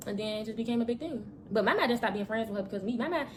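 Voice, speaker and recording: A woman's voice: a little high, expressive, rapid-fire, a little hiss or hum. A woman ranting on a livestream, defensive and rambling, using lots of slang. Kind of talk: casual livestream rant.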